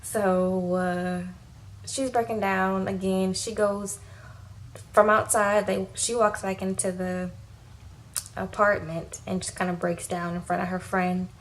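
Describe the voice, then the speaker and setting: A woman giving a casual, animated recap of a TV episode, talking in slangy, lively fashion. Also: medium pitch, slow, a little hiss or hum, poor audio. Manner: animated, slangy, acts out quotes. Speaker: TV recap vlogger. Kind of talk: casual recap with acted quotes.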